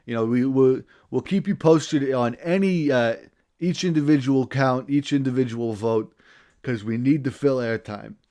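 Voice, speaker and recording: A man hosting a livestream, delivering a satirical in-character political rant. He rambles, keeps cutting himself off, and flares into loud indignation. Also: medium pitch, unhurried. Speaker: livestream host.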